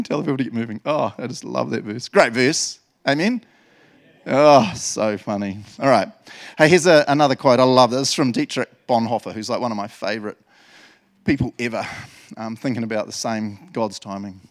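A man preaching a sermon in an animated, laughing way, acting out voices from the Bible. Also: medium pitch, a little fast. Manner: animated, laughs often, acts out voices of biblical figures. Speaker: pastor.

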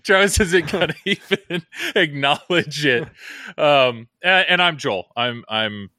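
A man's voice: fairly high pitch, measured pace, pushed and bright, no room sound, studio quality. A man hosting a podcast in casual chat, rambling and joking at his own expense. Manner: rambling, joking, self-deprecating. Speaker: podcast host.

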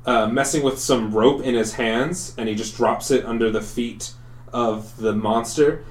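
A young man narrating as game master, in a halting way with many pauses and fillers. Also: medium pitch, fairly even intonation, echoey room. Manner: halting, full of ums and likes.

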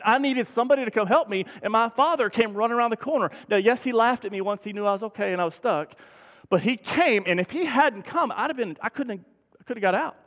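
Male pastor, high pitch, casual storytelling sermon, church reverb. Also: a bit bright. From Texas. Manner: conversational, self-deprecating storytelling with many restarts. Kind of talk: sermon with opening prayer. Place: church sanctuary.

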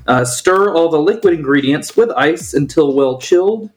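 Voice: mid-range voice, expressive, normal speed. A co-host of a casual podcast reading a cocktail recipe in a plain, matter-of-fact way. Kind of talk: casual chat.

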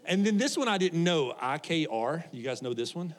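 A man's voice: a little high, very animated, normal speed. A middle-aged pastor preaching to his congregation in a loose, conversational way. He jokes, laughs often and keeps throwing questions out to the people in front of him. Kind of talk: sermon.

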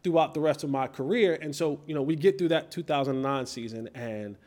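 A man hosting a podcast, telling a story in a lively, casual way and acting out quoted lines in different voices. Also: on the high side, fairly quick. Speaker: podcast host and former player. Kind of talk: animated storytelling in casual chat.

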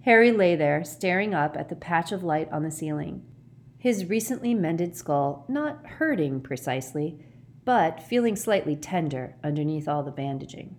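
A woman reads a storybook aloud in a fairly low voice. Her reading is dramatic, with wide, lively swings of pitch. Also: moderate pace. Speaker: audiobook reader. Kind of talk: storybook narration.

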